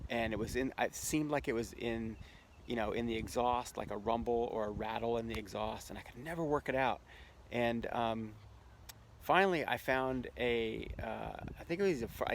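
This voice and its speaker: A man hosting a casual vlog, telling an anecdote in a chatty way and laughing often as he goes. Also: mid-range voice. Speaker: host. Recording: noticeable background noise.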